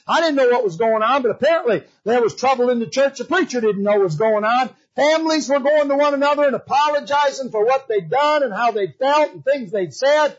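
A man preaching a revival sermon in church, swinging from loud emphasis to hushed pleading. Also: very high-pitched, expressive, brisk, few pauses, muffled recording. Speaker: visiting preacher. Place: church sanctuary.

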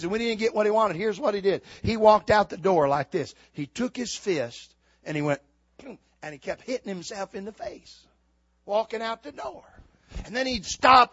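An older man preaching a sermon, swinging from shouted exhortation to quiet, folksy storytelling. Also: high voice, no room sound, lo-fi sound. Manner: fiery preaching, builds to shouts then drops to quiet storytelling.

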